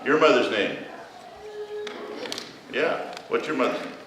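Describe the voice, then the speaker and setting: A man giving a children's message in church, gently telling a story and asking the children questions. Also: medium pitch, expressive, measured pace. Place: large church hall. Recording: echoey hall, mic far off, room noise.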